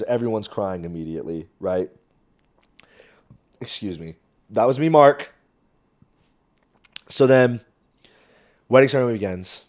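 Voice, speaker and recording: A young man hosting a podcast, telling a story in a casual, animated way and swearing freely. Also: mid-range voice. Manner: animated, swearing, jumps into quoted voices. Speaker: podcast host. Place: small warm room indoors. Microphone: camera mic, solo recording.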